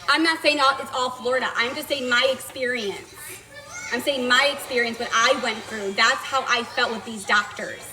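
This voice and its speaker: A woman's voice: on the high side, moderate pace, sharp tone, rough recording. A woman venting to viewers in a blunt, indignant storytelling rant, swearing as she goes. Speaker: vlogger telling a personal story.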